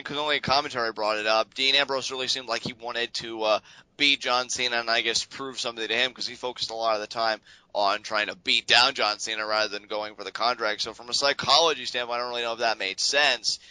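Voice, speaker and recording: Bright, animated man on a podcast. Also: mid-range voice, a little fast, smooth, no room sound, rough recording. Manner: animated, sarcastic, laughs often. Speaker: podcast co-host. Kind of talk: casual wrestling podcast chat.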